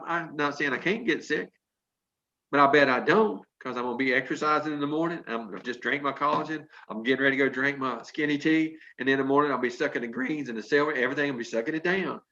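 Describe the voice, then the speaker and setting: A man's voice: a little high, pushed and bright, lo-fi sound. A man in his sixties giving an emphatic, preachy motivational pep talk to a sales team over a video call, with folksy storytelling.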